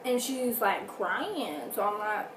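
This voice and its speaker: A woman's voice: mid-range voice, lively intonation, slow. A woman telling a casual storytime vlog at home, chatty with dramatic asides. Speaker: vlogger. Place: home indoors, furnace running. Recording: roomy, distant from mic, faint noise.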